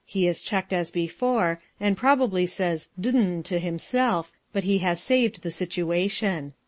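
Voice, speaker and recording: A woman reading the stage directions of a play in a plain, unhurried way. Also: fairly low pitch, no room sound. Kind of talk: audio drama narration.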